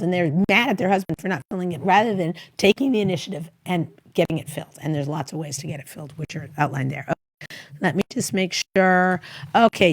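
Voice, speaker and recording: A middle-aged woman hosting a talk show, giving marriage advice in a rambling, casual way and acting out bits of dialogue. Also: lowish voice. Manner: rambling, acts out little quoted dialogues.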